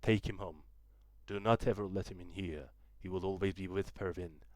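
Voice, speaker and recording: A man's voice: low-pitched, expressive, a little fast, no room sound. A man reading the lines of a stern, angry farm father in an audiobook, raising his voice harshly. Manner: shouting, harsh.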